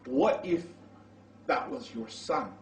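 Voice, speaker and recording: A man's voice: medium pitch, animated, takes it slowly, recorded from a distance. A man voicing a devoted, wise and pious older wife within his story, in an echoey room away from the mic. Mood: knowing.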